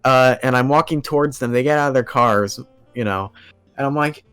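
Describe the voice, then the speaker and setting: A smooth-voiced man telling a rambling story. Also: medium pitch, normal speed, a bit bright, dry recording, soft background music. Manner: rambling, filler-heavy, acts out quoted dialogue. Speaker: podcast guest. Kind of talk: casual storytelling.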